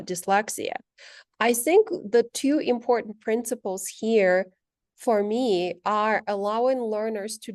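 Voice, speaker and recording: A woman language instructor giving a measured, explanatory presentation, walking through her slides with frequent pauses. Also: medium pitch, a little mellow, dry recording, clean studio sound.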